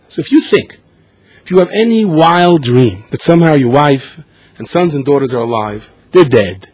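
A man giving a storytelling sermon, animated and acting out the voices in his tales. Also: medium pitch, brisk, slightly rough, no room sound. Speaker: speaker.

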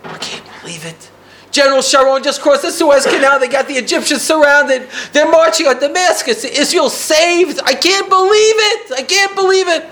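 A man voicing an emotional older male newspaper publisher who bursts out in loud, high-pitched cries. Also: animated, normal speed, heavily acted. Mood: overjoyed. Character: older male newspaper publisher, tearful, then shouting in outrage.

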